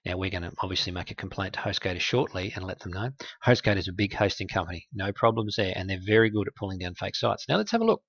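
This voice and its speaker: A man's voice: low voice, fairly even intonation, fast, few pauses, a bit bright, no echo, lo-fi sound. A man hosting a walkthrough that exposes scam websites, speaking in a wry, conversational, explanatory way. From Australia. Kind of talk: screen-recorded walkthrough.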